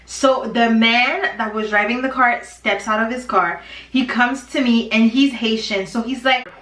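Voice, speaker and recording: A woman's voice: fairly high pitch, steady tone, a little slow, fairly bright tone. Chatty, dramatic young woman storyteller. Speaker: beauty vlogger. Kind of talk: storytime chat while doing makeup. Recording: roomy, distant from mic.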